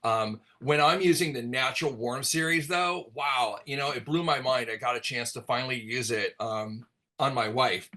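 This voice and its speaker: Bright-voiced man explaining hair color. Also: medium pitch, normal speed. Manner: relaxed, rambling explanation with many fillers. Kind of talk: virtual class talk.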